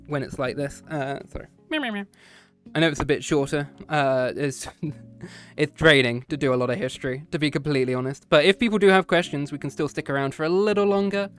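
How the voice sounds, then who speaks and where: A man streaming a casual chat with his viewers after a history lesson, playful and teasing, often slipping into meows and growls. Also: on the high side.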